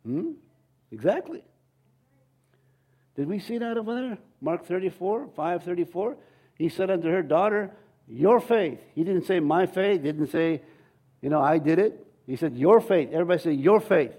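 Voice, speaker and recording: A man's voice: high voice, animated, normal speed, warm tone. A male pastor preaching a sermon in a conversational way, acting out quoted voices and often repeating words.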